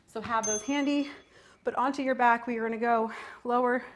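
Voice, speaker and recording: A woman's voice: on the high side, fairly even intonation, moderate pace, slight background noise. A woman, a mother, coaching a workout, pushing listeners to keep going and chatting through stories as she counts off moves. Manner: chatty, tells personal stories mid-workout. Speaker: fitness instructor. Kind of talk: workout coaching with motivational talk.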